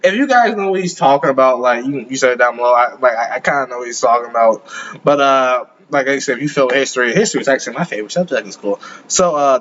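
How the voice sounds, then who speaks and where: A man's voice: mid-range voice, fairly bright tone, muffled recording. A male reaction video host giving casual commentary, giggling and using lots of filler words.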